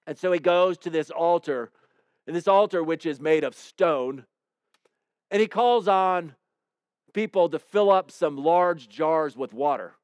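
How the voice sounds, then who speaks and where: A man with a slightly high, smooth and resonant voice delivers a sermon in a relaxed, conversational way. He retells scripture with playful, animated asides. The sound is close and dry, with no room echo. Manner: conversational storytelling with playful acted-out quotes. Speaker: preacher.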